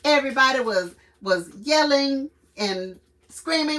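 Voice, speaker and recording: List: woman, livestream host, slow unhurried talk, bright voice, laughs often, mic a bit distant. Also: fairly high pitch. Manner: laughs often while telling stories and ranting; animated, acts out quotes. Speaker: channel host and mother. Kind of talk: casual livestream chat.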